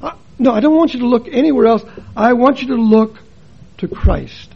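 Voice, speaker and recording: A man preaching a sermon as a missionary, telling stories and moving between quiet and emphatic delivery. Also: extremely high pitch, normal speed, gravelly, husky, muffled recording.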